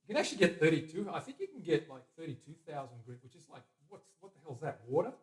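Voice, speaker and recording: A fairly high-voiced man chatting casually as he works in his workshop. He is upbeat and talkative, jumping from loud, excited remarks to low, half-muttered asides to himself. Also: fast talker. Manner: chatty and upbeat, talking to viewers and a helper as he works; swings between loud bursts and quiet mumbling to himself. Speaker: guitar builder hosting a livestream. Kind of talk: casual workshop chat while working.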